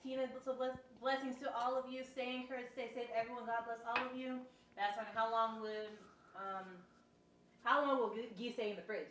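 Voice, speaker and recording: A woman's voice: a little high, fairly even intonation, brisk, crowd noise, rough recording. A woman tasting food and reading viewer comments on a home cooking vlog, giggly and enthusiastic. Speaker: host's wife, taste tester. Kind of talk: casual chat, reading comments.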